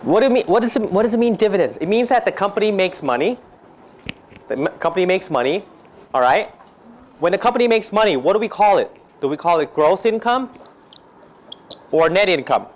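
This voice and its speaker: A man's voice: high voice, animated, a little fast, pauses often, slight background noise. A man teaching a finance class, questioning students constantly and joking between points. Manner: questions students constantly, mixes Thai phrases, jokey. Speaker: finance lecturer. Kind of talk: classroom lecture.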